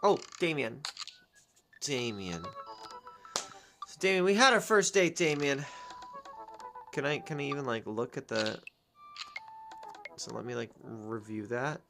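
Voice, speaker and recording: A woman's voice: extremely low pitch, expressive, unhurried, pauses often, over music. A woman streamer chatting casually and musing aloud to her chat as she plays a dating game. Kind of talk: casual gameplay commentary.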